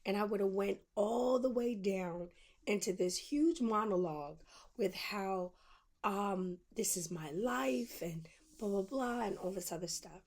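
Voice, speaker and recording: A woman's voice: medium pitch, animated, unhurried, a little mellow. A woman podcast host telling a personal story in a candid monologue, acting out both sides of the conversations she recounts.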